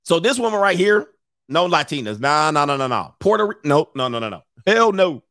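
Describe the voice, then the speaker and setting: A man rants for laughs in a loose, profane style, dropping into put-on voices as he goes. His voice sits a little high and swings widely. The recording is close and dry. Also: very animated, a little fast, a bit bright, no echo. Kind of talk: comic rant.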